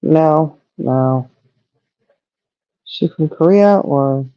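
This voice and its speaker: A woman's voice: deep voice, extremely slow, no room sound, highs cut off. A middle-aged woman chatting casually as a livestream co-host, rambling and trailing off as she talks. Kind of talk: casual chat.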